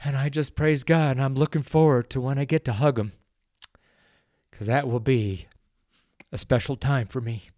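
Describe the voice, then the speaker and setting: Here a middle-aged podcast host offers prayer and testimony on a devotional show, his earnest, slow delivery breaking into tears. He speaks at medium pitch with fairly even intonation and a darkish tone, recorded dry with clean studio sound.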